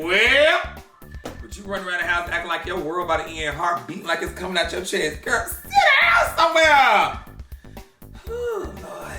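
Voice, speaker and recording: A man hosting a gossip reaction show, sassy and animated, with drawn-out exclamations. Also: high-pitched, roomy sound. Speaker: gossip commentary host. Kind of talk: reaction commentary.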